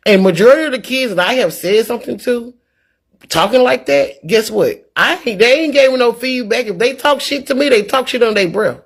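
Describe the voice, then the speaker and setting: A woman talking casually to her viewers in a vlog, in an animated, preachy, folksy way. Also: a little high, a little fast, slightly rough. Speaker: vlogger. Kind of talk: casual talk to camera.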